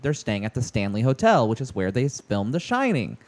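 A man's voice: medium pitch, very animated, a little fast. A man co-hosting a podcast in casual chat, teasing his friends. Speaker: podcast co-host.

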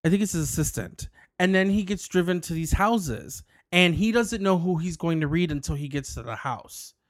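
In a clean, dry studio recording, a man co-hosting a podcast tells a rambling story in casual chat, laughing a lot and restarting often. His voice sits a little high and is expressive, at a moderate pace.

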